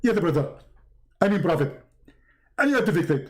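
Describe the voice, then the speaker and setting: A man's voice: high voice, big pitch swings, brisk. A man voicing a fawning, flustered male angel messenger who stammers and rambles through strings of pious phrases.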